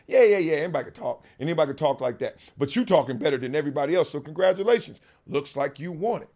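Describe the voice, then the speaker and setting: A middle-aged man hosting a talk show, talking emphatically in slangy speech, laughing often and mocking others in put-on quotes. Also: on the high side. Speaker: host. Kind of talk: animated talk-show monologue.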